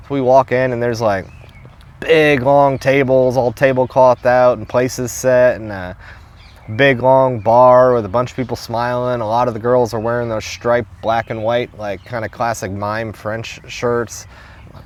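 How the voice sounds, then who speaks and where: A man's voice: medium pitch, steady tone, normal speed. A young man from New York telling a hitchhiking story in loose, casual talk, swearing freely and laughing often. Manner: loose and profane, laughs often, lots of fillers.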